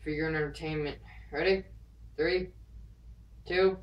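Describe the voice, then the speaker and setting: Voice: medium pitch, fairly even intonation, a little slow, muffled recording. A vlogger chatting casually to camera at home, rambling and counting down nervously before each dare. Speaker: vlogger doing viewer dares. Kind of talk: casual vlog chat to camera. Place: indoors at home.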